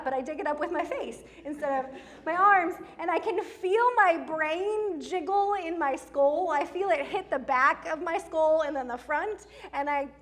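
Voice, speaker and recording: A middle-aged woman preaching a sermon in church, telling stories in an animated way, slowing down for emphasis. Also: high voice. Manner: animated storytelling with laughs and slowed emphasis. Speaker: pastor.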